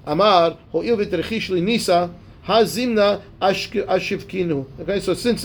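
High-voiced rabbi teaching a Talmud class. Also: male voice, moderate pace, creaky, a little hiss or hum. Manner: casual, checks in with "right?" and "okay"; reads Aramaic text, then explains it in English. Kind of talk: Talmud class, reading and translating.

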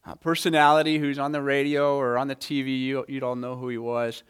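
A man's voice: mid-range voice, little pitch movement, a little fast, smooth. A man preaching a Sunday morning sermon, earnest, often repeating words as he presses a point. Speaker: pastor.

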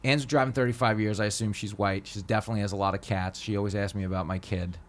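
A man's voice: on the low side, fairly even intonation, fast. A man, a taxi-driving comedian, chatting casually on a podcast, rambling and swearing as he jokes. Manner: rambling, joking, swears freely. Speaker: taxi driver and comedian guest.

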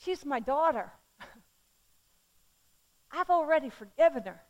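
A middle-aged woman preaching a sermon, swinging from loud calls to the crowd down to soft, hushed words. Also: high voice, slow, dull audio. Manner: animated, shifting from loud calls to soft near-whispers.

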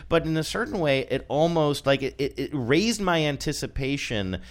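A man's voice: on the high side, lively intonation, moderate pace. A man co-hosting a casual chat, thoughtful and prone to restarting his sentences. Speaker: podcast co-host. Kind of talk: casual chat reviewing commercials.

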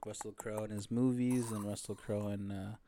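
A man's voice: on the low side, flat delivery, normal speed, warm tone, a little hiss or hum. A young man co-hosting a podcast, telling rambling stories in casual chat and laughing often. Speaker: podcast co-host.

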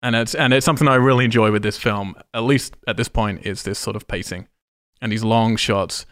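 A man's voice: on the low side, brisk, fairly bright tone, no room sound. A man hosting a casual film discussion, enthusiastic and freely swearing as he breaks down scenes. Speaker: podcast host.

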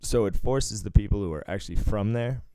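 A man's voice: on the low side, brisk, mellow, no room sound. A man from Cambridge, Massachusetts, chatting casually, cursing freely and laughing often. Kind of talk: casual chat.

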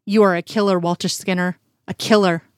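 A woman's voice: on the low side, fairly even intonation, a little fast, no room sound, clean studio sound, close to an everyday voice. A woman voicing a dead male agent who harshly and relentlessly accuses his former boss. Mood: bitter accusing.

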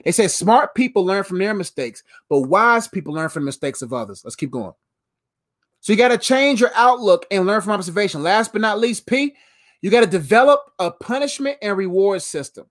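A man in his thirties delivers a motivational talk in a fairly high voice. He drives each point home through repetition with a preacher-like cadence. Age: 30s. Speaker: motivational speaker.

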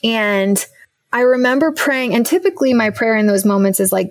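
A young adult woman speaking earnestly and reflectively in a candid faith conversation, with soft laughs and a teary edge. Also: a little high, measured pace, long pauses, no echo.

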